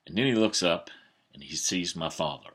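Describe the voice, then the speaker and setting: A man in his fifties telling a family story in a folksy, animated way, with some hesitations. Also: deep voice, normal speed, breathy edge. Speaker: vlogger. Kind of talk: storytelling monologue.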